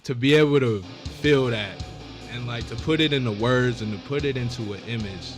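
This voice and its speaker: A man's voice: mid-range voice, moderate pace, music in the background. A man, a local rapper, chatting casually as a podcast guest, laid-back and full of "man" and "like". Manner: laid-back, lots of "man" and "like", thanks repeatedly.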